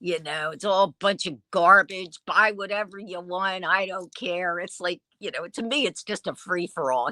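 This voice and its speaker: Bright, lively woman storyteller. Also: fairly low pitch, normal speed, hardly any pauses, no room sound. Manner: lively storyteller who acts out quoted dialogue. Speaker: vintage dealer and online seller. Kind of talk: casual storytelling interview.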